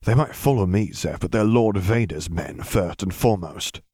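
A man's voice: sits low, animated, normal speed, warm tone, slightly rough, dry recording, clean studio sound. A man voicing a stern middle-aged father, tight-lipped and hissing, afraid for his son. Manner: hissed, tight-lipped pleading.

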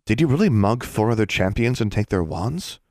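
A man voicing an earnest, kind young schoolgirl in an audiobook, gentle and a little hesitant. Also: fairly low pitch, lively intonation, brisk, dry recording, clean studio sound. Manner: gentle and chatty, slightly hesitant.

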